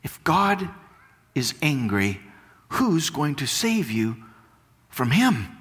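Male pastor preaching slow, voice swinging up and down a lot, emphatic questions, church sanctuary echo. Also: on the high side, very animated, fairly bright tone. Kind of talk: sermon. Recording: long reverb of a church hall.

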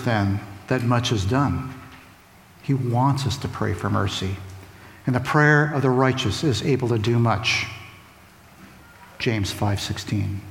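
A man's voice: mid-range voice, creaky, slight background noise. A man preaching a sermon, emphatic and repeating phrases for stress. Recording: echoey hall with faint ambience.

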